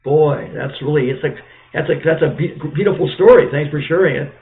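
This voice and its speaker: Gravelly fast-talking host on a phone line. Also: male voice, a little high. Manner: enthusiastic, quick reactions. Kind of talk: casual interview. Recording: phone-like line with faint noise.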